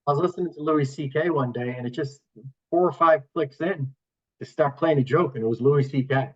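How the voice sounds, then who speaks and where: A man's voice: on the high side, a little fast, lo-fi sound. A man from the Boston area, a comedian guest, chatting casually and telling rambling stories with lots of swearing. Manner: rambling storyteller, swears freely, acts out quoted voices. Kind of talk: casual podcast chat.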